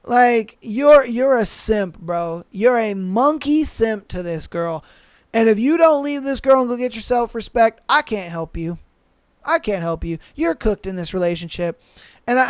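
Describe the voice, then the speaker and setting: A man's voice: high-pitched, clean tone, no room sound. A man hosting a podcast who gives blunt, profane advice in a rant full of slang and repeated lines. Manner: slangy, says bro a lot. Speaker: podcast host. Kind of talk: ranting advice commentary.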